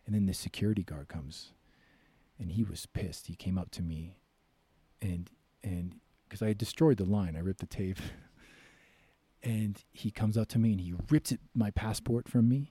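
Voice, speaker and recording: Brief: young American guy, low pitch, lively storyteller who acts out voices. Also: normal speed, husky, dry recording. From United States. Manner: animated storyteller, acts out quoted voices loudly. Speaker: podcast guest, author. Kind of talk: casual storytelling.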